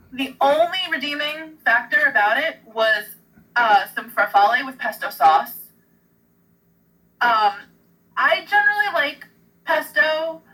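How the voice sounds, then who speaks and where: A woman's voice: high voice, bright, forceful tone, husky. Chatty woman heard from a distance. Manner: chatty, storytelling. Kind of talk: casual chat.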